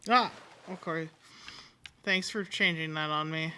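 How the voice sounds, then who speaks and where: A woman chats her way through a video game, animated and talkative, reading the dialogue aloud as she plays. Her voice is bright and crisp. She lets out a casual curse here and there. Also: deep voice, unhurried, slight background noise. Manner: animated, chatty, reads dialogue aloud, swears. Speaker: game streamer. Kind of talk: casual let's-play commentary.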